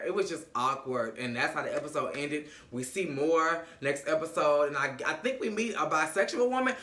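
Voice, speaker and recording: A man doing a comedic recap vlog of a reality show, sassy and animated, acting out the cast's lines. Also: on the high side, moderate pace, echoey room.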